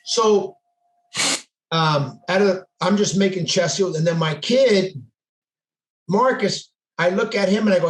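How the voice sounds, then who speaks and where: Guy telling a story, higher voice, lots of echo in the room, acts out the dialogue. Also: measured pace. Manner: intense, quotes dialogue as he tells it. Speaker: podcast guest, police sergeant. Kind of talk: casual storytelling. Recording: echoey room.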